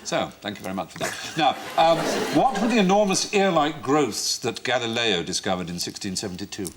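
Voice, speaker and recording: A man's voice: mid-range voice, very animated, brisk. A man hosting a comedy quiz panel show, telling playful anecdotes in a wry manner. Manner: wry, playful, storytelling delivery.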